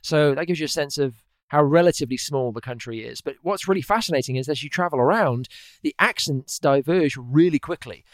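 A man's voice: a little high, fairly quick, few pauses, dry recording. A man from England with an Oxford English accent, a guest explaining at length in casual conversation.

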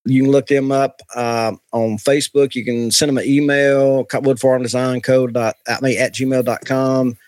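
A man's voice: medium pitch, level tone, normal speed, few pauses, a little mellow, no room sound. A man co-hosting a podcast in casual chat, rambling with many fillers. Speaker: podcast co-host.

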